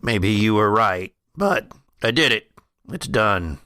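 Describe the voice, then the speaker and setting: A man doing a gruff dying old man in a wheelchair. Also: fairly low pitch, animated, sharp tone, no echo, studio quality, pitched below the performer's own voice, heavily acted. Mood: grim. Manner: slow, folksy, coughing.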